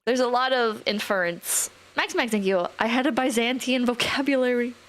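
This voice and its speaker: A woman's voice: a little high, moderate pace, fairly bright tone. A young adult woman streaming live, rambling casually, swearing now and then, and reading out chat messages.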